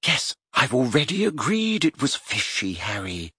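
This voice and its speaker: A brainy teenage girl, as a man puts her on, clipped and reproving. her voice is lifted a little in pitch, but husky and dry. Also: huge pitch swings, measured pace, bright, forceful tone, no echo, heavily acted. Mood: impatient. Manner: impatient, reproving. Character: clever, impatient teenage girl.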